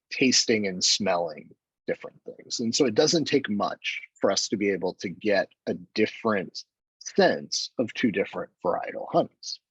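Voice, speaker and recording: Husky-voiced man giving a chemistry seminar. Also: lowish voice, no room sound, highs cut off. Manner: relaxed, conversational, with self-deprecating asides and fillers. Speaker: chemistry lecturer. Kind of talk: academic seminar talk.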